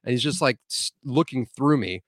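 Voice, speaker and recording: Man, podcast guest, casual storytelling, animated, swears a lot, mid-pitched voice, dry close sound. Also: moderate pace, no room sound.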